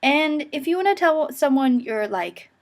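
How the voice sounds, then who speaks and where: A woman's voice: high voice, unhurried. Chatty young American woman vlogging. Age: young adult. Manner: chatty, self-mocking, animated quoted voices. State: getting over a cold, coughing. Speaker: vlogger, university student. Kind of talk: casual chat to camera.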